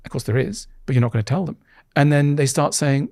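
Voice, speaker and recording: Animated man, a podcast guest, breathy voice with a very dry sound, stumbles and restarts as he explains. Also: fast, no room sound. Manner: animated, acts out little quoted scenes with leaps in pitch. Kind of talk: conversational explanation. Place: podcast studio.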